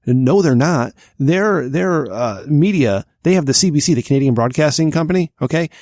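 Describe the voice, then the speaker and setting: A man's voice: on the high side, lively intonation, normal speed, a little mellow, no echo. A young man co-hosting a casual comedy podcast, reading a news item aloud and ranting with profanity and mocking asides. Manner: profane, mocking rants with mock accents. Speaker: podcast co-host.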